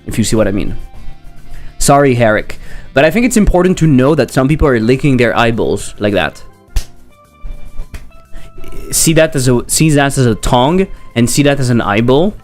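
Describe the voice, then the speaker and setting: A man with a French accent talks loosely on a live stream, drifting between jokes and chat replies as he works. His pitch sits in an ordinary middle range for a man. Soft music plays faintly behind him. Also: expressive, brisk. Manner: rambling and jokey, reading chat aloud. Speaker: game developer streamer. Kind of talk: casual livestream chat.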